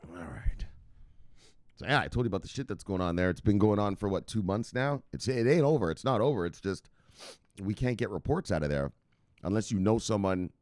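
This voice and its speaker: A man's voice: on the low side, lively intonation, fairly quick, darkish tone, no room sound, studio quality. A man hosting a crypto news show, rambling casually with profanity and hype outbursts.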